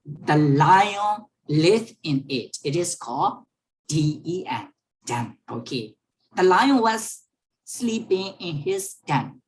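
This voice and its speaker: Slow, patient woman teacher. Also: fairly low pitch, expressive, slight background noise. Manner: slow, repeats each sentence and explains words. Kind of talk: reading a story aloud to an online class. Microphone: online class microphone.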